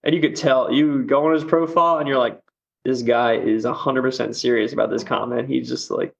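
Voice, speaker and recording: A man's voice: medium pitch, steady tone, a little fast, vocal fry, muffled recording. A man chatting as a podcast guest, rambling with lots of fillers and easy laughs. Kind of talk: casual podcast chat.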